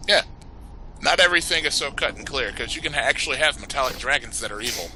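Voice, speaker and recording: Chill guy explaining lore, lively voice, noisy mic. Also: mid-range voice, quick pace. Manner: explaining lore, laid-back, swears. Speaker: game co-host. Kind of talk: casual let's play chat.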